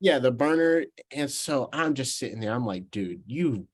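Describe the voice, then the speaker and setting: Animated young man telling a story. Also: medium pitch, moderate pace. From Georgia, USA. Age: 20s. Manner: animated storyteller who laughs and restarts sentences. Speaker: professional baseball player guest. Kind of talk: casual storytelling interview.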